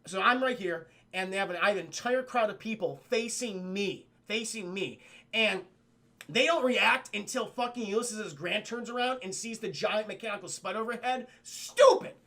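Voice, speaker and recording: High gravelly animated man recapping a film. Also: moderate pace. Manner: animated, swears a lot, mimics characters mid-recap. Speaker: film reviewer streaming to chat. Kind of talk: casual profane movie recap to a live chat.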